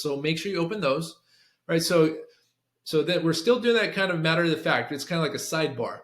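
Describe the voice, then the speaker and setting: Man, slightly high voice, workshop coach walking through a script, loose and repetitive, echoey room. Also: a little fast, fairly bright tone. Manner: casual, repeats and restarts lines while explaining. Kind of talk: teaching a sales script.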